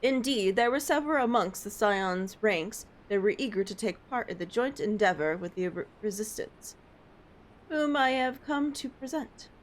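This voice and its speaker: A woman's voice: mid-range voice, lively intonation, normal speed, a little hiss or hum, close to an everyday voice, rough recording. A woman voicing a polite young male scholar, reading game dialogue aloud with slight stumbles. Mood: formal.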